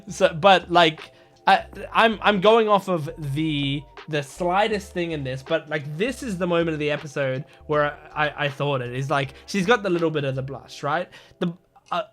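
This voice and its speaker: A man's voice: fairly high pitch, a bit bright. A young man giving casual commentary on an anime episode, talking in an earnest, gushing, rambling way with many restarts. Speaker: anime reaction host.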